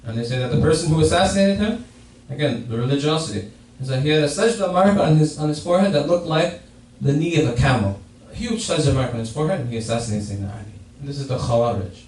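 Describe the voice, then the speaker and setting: Guy giving a friday sermon, quick and a bit high, sounds far off in a big echoey hall. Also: lively intonation, darkish tone. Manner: explains a hadith, repeats and restarts phrases. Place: mosque prayer hall. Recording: echoey hall, distant mic, faint noise.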